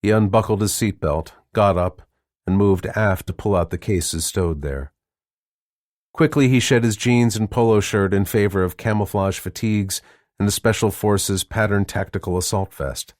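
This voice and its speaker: Male audiobook narrator, very low voice, measured delivery, dry studio read. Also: no echo. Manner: measured, even storytelling. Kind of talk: scripted narration.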